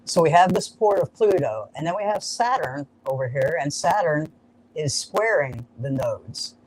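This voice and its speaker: An upbeat man with a somewhat high voice walks listeners through an astrology chart in a relaxed live chat. He talks in an explanatory, jokey way, with a faint hiss behind him. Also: moderate pace, rough recording.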